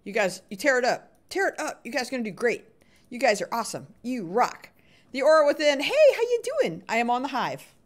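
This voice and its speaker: A woman's voice: fairly high pitch, sing-song, a little fast. A woman livestreaming a video game, chatting with viewers, laughing often and calling them sweetheart and buddy. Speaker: gaming livestreamer. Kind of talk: live game commentary and chat.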